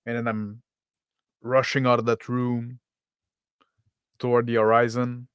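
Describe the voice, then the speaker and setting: A man's voice: medium pitch, completely flat delivery, a little slow, clean tone, dry recording, dull audio. A man playing a tabletop game in character, describing his actions casually with lots of "like" fillers. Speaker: player.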